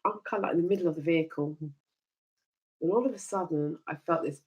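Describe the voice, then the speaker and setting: A woman hosting a chat show, telling stories in a lively way and laughing often. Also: deep voice, fast, lo-fi sound. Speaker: host.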